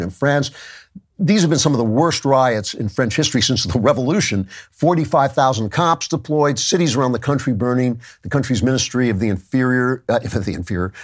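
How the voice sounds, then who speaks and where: A man hosting a commentary show, delivering an opinionated monologue with emphatic asides and occasional restarts. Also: medium pitch.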